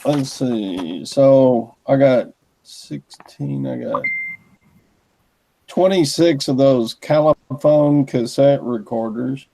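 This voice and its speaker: Slow, gravelly man on a video call. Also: medium pitch, warm tone, rough recording. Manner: rambling, listing items with pauses. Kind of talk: casual chat. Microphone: computer mic on a video call.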